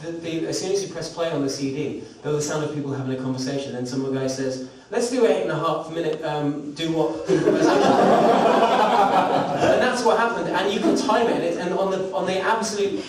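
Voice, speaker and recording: A fairly quick, higher-pitched man talks over a noisy crowd. He's a singer-songwriter at a live studio show, introducing a song to a small audience with a rambling story that pokes fun at himself. Background noise fills the roomy, distant recording.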